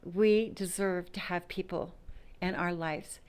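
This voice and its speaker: A woman's voice: fairly low pitch, fairly even intonation, slow, clean tone. A woman talking frankly and emphatically to her viewers about self-worth and leaving bad relationships, dropping now and then to a whisper. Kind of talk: personal talk to camera.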